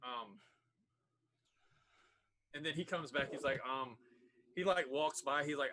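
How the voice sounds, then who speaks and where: A man's voice: on the high side, a little slow, long pauses, bright, forceful tone. A man narrating as game master in a casual online tabletop game, with many fillers.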